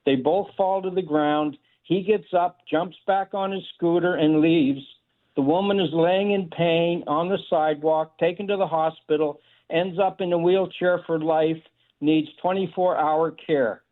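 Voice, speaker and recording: A man phones into a talk show and lays out a long made-up scenario piece by piece, with some hesitant fillers. His fairly high voice comes through a tinny phone line. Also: steady tone, measured pace. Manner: sets out a long hypothetical step by step, hesitant fillers. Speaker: caller. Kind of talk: phone-in question.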